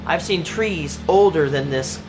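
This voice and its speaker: Rambling man streaming, slightly high voice. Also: measured pace. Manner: rambling, full of "like" and restarts. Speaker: livestreamer. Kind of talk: casual chat while playing a game on stream. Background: clear background music.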